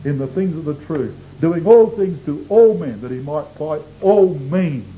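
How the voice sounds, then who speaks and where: A man's voice: a little high, lively intonation, unhurried, dark tone, highs cut off. A man preaching a sermon to his congregation, earnest and emphatic.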